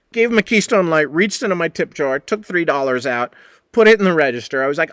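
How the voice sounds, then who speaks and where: A man's voice: a little high, expressive, quick pace, a bit bright, no room sound. A man hosting a podcast who tells a rambling, profane story from behind the bar and acts out the people in it. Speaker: podcast host and bartender. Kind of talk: casual storytelling monologue.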